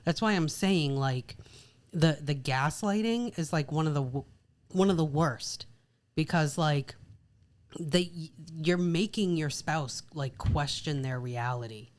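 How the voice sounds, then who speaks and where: A woman's voice: low-pitched, unhurried. A woman co-hosting a podcast about marriage, talking casually and leaning on "like" and "literally.". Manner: chatty, repeats "like" and "literally" often. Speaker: podcast co-host. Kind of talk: casual chat.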